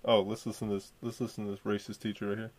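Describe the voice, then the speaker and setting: A man's voice: lowish voice, level tone, racing, darkish tone. A man hosting his own podcast solo, talking in a profane, slangy, rambling way. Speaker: podcast host. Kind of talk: solo casual podcast commentary.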